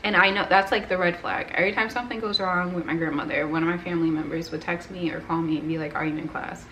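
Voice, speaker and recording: A woman's voice: lowish voice, fairly even intonation, fast, bright, forceful tone, slight background noise, low-quality recording. Tearful young woman telling a story. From United States. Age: 20s. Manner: rambling, emotional, frequent "like" and "right?". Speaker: vlogger. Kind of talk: personal storytelling to camera. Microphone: camera mic.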